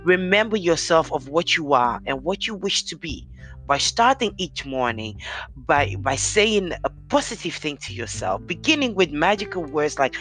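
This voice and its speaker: Earnest deep-voiced podcast host. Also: big pitch swings, normal speed, fairly bright tone, soft background music. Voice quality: deep, commanding voice. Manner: earnest, encouraging, speaks straight to listeners. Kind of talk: motivational podcast monologue.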